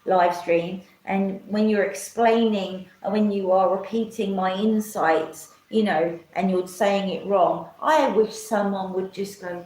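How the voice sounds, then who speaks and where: A woman's voice: medium pitch, unhurried, few pauses, a little mellow, slight background noise. A woman ranting on a live stream, rambling, swearing often and mocking others in put-on voices. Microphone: camera mic. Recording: echoey room.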